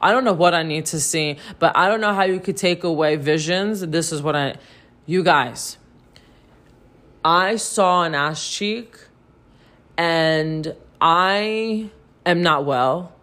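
A woman co-hosting a podcast, telling a story in casual, animated chat to her listeners, swearing freely and saying "like" a lot. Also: on the low side, slow. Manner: animated, profane, heavy use of "like". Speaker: podcast co-host.

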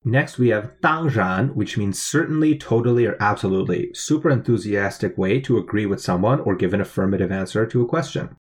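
A man's voice: fairly low pitch, brisk, few pauses. A man co-hosting a language lesson, spelling out each word and explaining its meaning step by step. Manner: clear, methodical explanation. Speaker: language teacher co-host.

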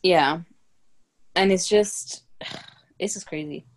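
A woman's voice: lowish voice, slow pace. A young woman co-hosting a podcast, talking in a rambling casual way full of fillers. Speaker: podcast co-host. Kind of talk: casual chat.

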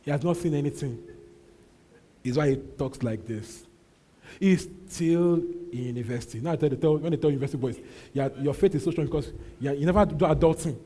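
A man preaching a sermon as pastor, his voice husky and mellow, pitched a little high for a man. He presses his points by repeating them, rising to loud calls and dropping to low, slow asides.

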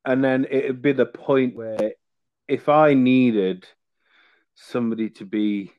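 A man's voice: medium pitch, takes it slowly, no echo, highs cut off. A man, a podcast guest, telling stories in casual chat with many fillers and restarts. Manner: rambling storytelling with many fillers.

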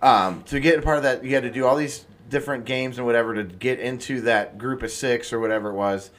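A man's voice: medium pitch, steady tone, fast, a little hiss or hum. Rambling man chatting on a podcast. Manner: rambling, self-correcting storyteller. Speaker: podcast co-host. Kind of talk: casual chat.

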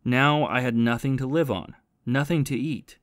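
Remorseful ex-soldier and thief confessing his past, read by a man, steady and plain, dry booth sound. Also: medium pitch, normal speed, no room sound, close to an everyday voice. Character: remorseful former soldier and thief, haunted by guilt.

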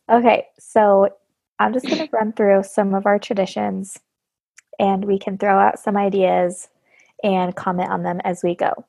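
A woman's voice: mid-range voice, a little slow, gravelly, long pauses, warm tone, slightly rough, no room sound. A woman in her thirties hosting a podcast in casual chat, bubbly and laughing often. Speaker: podcast host.

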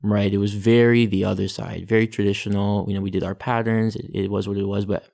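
Here a young Canadian man with a fairly low, gravelly, slightly mellow voice tells a brisk, level-toned version of his taekwondo backstory. As a guest who competes in taekwondo and practises sports psychology, he chats casually, leaning on "like" and "you know".

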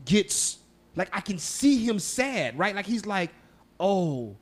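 Podcast co-host, man from Texas, fairly high voice, casual, swears, laughs often. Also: animated, a little slow. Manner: loose, profane, laughing storyteller. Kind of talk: casual chat.

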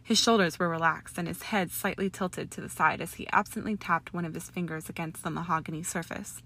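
A woman reads fiction aloud as an audiobook narrator, speaking softly and evenly. Her voice sits a little low for a woman. The delivery is steady storytelling. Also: fairly quick. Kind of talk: audiobook reading of fan fiction.

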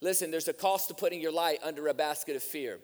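A man's voice: on the high side, quick pace, big-room sound. A man preaching a sermon, telling stories and then urging his listeners with rising fervor. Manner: storytelling, building to fervent exhortation. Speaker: guest preacher. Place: church sanctuary.

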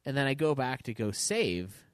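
A man's voice: medium pitch, very animated, moderate pace, clear, resonant tone, no room sound, clean studio sound. A man co-hosting a casual gaming podcast, rambling through a profane story and laughing often. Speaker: podcast co-host.

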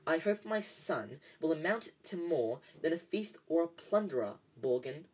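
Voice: mid-range voice, very animated, normal speed, breathy edge. A reader voicing a cold, haughty, wealthy man who speaks curtly. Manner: cold, curt.

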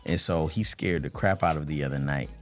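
A man in his thirties co-hosting a marriage podcast, telling a family story in a loose, animated, slangy way. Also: extremely low pitch, brisk, soft background music. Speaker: podcast co-host. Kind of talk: casual chat.

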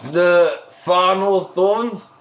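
A man's voice: high-pitched, fairly even intonation, extremely slow, a bit bright, slight background noise, pitched above the performer's own voice, exaggerated voice. A man voicing a proud male dwarf traveller with a Scottish accent. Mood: explaining.

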